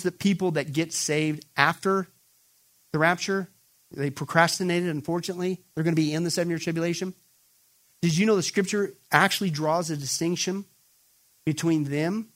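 A man preaching a sermon, talking straight to his listeners and pushing his points hard. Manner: emphatic, builds to raised, excited pitch when quoting; addresses listeners directly as folks. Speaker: pastor.

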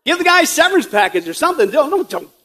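A man's voice: extremely high pitch, very animated, rapid-fire, a bit bright. A man preaching a sermon as pastor, joking and conversational with rhetorical asides, and growing emphatic and urgent.

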